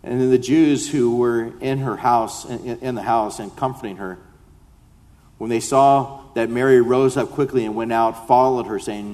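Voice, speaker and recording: A man gives a sermon, reading scripture and then unpacking it in an easy conversational way before rising into heartfelt pleading. His voice sits at an ordinary middle pitch. The sound carries a long reverb, like a large church hall. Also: fairly even intonation, moderate pace, a little mellow. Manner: reads scripture then explains it conversationally, rising to impassioned pleas. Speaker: pastor. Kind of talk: expository sermon.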